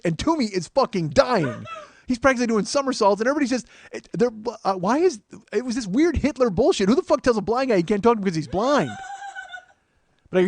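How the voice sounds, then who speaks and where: With a very high voice and a fast pace, a man hosting a podcast tells a road story on his own into a podcast mic. He's animated and profane, swearing freely and acting out what people said.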